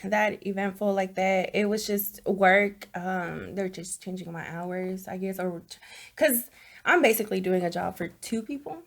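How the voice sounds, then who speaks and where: A woman's voice: medium pitch, normal speed, gravelly. Blunt, candid woman podcast co-host. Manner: blunt, candid, swears freely. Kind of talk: casual chat.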